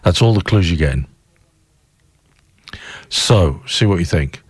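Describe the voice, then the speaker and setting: A man's voice: low voice, expressive, a little slow, long pauses, slightly rough, no echo, clean studio sound. A man with an Australian accent hosting a breakfast radio show, chatty and enthusiastic as he reads verse. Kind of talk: casual radio chat and poem reading. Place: radio studio.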